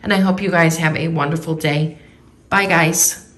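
A woman's voice: sits low, steady tone, moderate pace, a bit bright. A woman vlogger chatting casually as she goes through a shopping haul, reading out prices and rebates item by item. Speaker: couponing vlogger.

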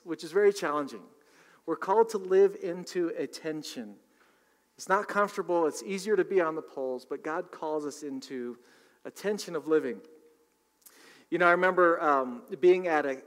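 A male pastor preaching a sermon in a conversational style, with asides to the congregation. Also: on the high side. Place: church sanctuary. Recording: long reverb of a large hall.

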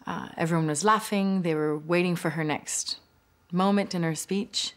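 A woman's voice: on the low side, steady tone, moderate pace. A woman in an interview recalling a talk she watched, speaking with vivid admiration. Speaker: audience member recalling a talk. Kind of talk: interview recollection.

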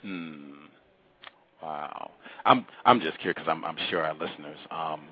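A male talk-show host asks his questions in a halting way, circling back with fillers and restarts. His voice sits very low and husky. The sound is slightly dull, like a modest lo-fi recording. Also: no echo. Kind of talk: interview.

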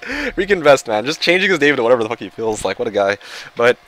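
Excitable man streaming a shooter game. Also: mid-range voice, fast. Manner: excitable, swears, mutters to himself, bursts into yells and laughs. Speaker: gaming livestreamer. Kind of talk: live gameplay commentary.

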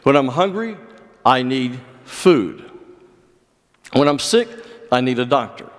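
A pastor preaching an earnest sermon, with measured delivery and dramatic pauses. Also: male voice, medium pitch, expressive. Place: church sanctuary. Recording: long church reverb.

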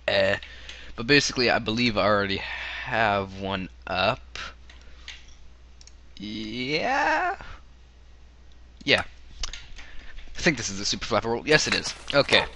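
A Canadian man, hoarse and nearly losing his voice, talks casually over a game. His lowish voice has a sharp, bright edge, and he rambles into joking asides. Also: slight background noise. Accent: Canadian English. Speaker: gaming video creator.

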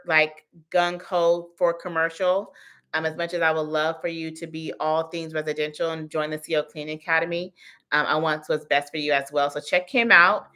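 A woman's voice: low-pitched, bright, forceful tone. A woman in her thirties hosting a casual livestream Q&A as a business coach, chatty and laughing often as she answers the chat.

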